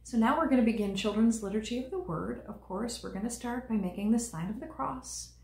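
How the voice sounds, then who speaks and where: Woman leading a children's liturgy, bright-toned, gentle and encouraging, in an echoey room. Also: a little high, fairly quick, vocal fry. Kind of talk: teaching young children.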